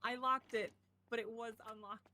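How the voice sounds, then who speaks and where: A woman in a police roleplay needles a colleague in a teasing, accusing tone. Her voice sits a little high. It sounds bright and sharp. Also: fairly even intonation, moderate pace.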